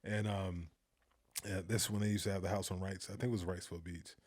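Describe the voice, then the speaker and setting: A man talking casually in an interview, telling lively anecdotes, acting out the voices of the people in them and laughing often. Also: sits low, a little fast, slightly rough. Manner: animated storyteller, acts out quoted voices, laughs often. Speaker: filmmaker guest.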